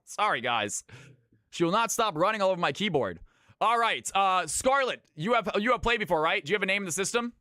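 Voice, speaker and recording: Bright-voiced man hosting a live stream. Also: high-pitched, sing-song, no room sound, studio quality. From California. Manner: brisk, swears, talks to chat. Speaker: streamer running viewer games. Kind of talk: casual live-stream chat.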